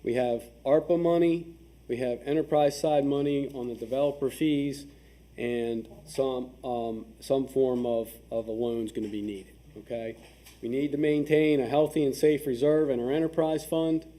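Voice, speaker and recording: A man's voice: medium pitch, steady tone, moderate pace, mellow. A man presenting town finances at a public work session, methodical and checking in often, with some restarts while reading numbers. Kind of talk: explaining budget figures at a public work session. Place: town meeting room.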